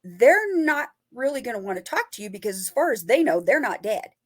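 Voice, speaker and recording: A woman's voice: a little high, big pitch swings, a little fast. A woman paranormal investigator and author, a guest in a casual interview, talking animatedly and playfully acting out quoted lines.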